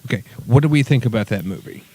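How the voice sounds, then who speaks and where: A man's voice: medium pitch, expressive, fast, darkish tone. A man co-hosting a casual podcast chat, laying out his opinions in long, opinionated arguments. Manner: opinionated, lays out arguments at length. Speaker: podcast co-host.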